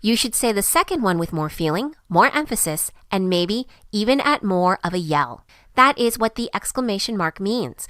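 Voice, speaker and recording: A woman reading a scripted grammar lesson with a clear, even teaching delivery. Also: medium pitch, moderate pace, dry recording, studio quality. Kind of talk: scripted narration.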